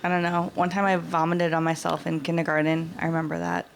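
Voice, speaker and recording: A woman's voice: low voice, quick pace, a little hiss or hum. A woman comedian on a podcast, joking in a playful, dry way. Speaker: comedian guest. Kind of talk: casual podcast banter.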